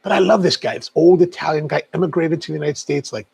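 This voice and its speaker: Middle-aged male livestream host, slightly high, rough-edged voice; loose, rambling chat. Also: fast, darkish tone. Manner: chatty, rambling storyteller.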